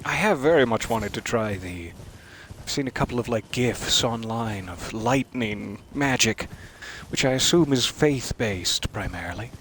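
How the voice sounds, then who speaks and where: A man's voice: on the low side, fairly bright tone, a little hiss or hum. Wry man musing over gameplay. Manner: wry, musing, talks to game enemies. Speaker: streamer playing a video game. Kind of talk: live gameplay commentary.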